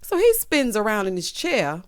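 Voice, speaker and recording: A young adult woman giving a sassy, animated recap of a TV episode, tossing in "child" and "honey". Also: medium pitch, moderate pace. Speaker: TV recap vlogger. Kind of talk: casual TV recap commentary.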